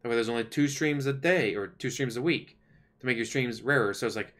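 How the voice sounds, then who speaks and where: A man at an ordinary middle pitch rambles to his livestream viewers in a loose, sarcastic way. He grumbles and jokes as he talks, casual rather than scripted. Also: a little fast, fairly bright tone. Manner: complaining, chatty, sarcastic. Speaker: livestream host.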